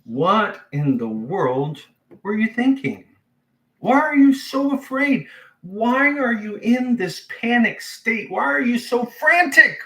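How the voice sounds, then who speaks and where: A man's voice: extremely high pitch, sing-song, moderate pace, far from the mic, pitched above the performer's own voice. A preacher voicing Jesus as a grown man scolding his frightened followers, in an exasperated, pleading tone. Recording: echoey church sanctuary.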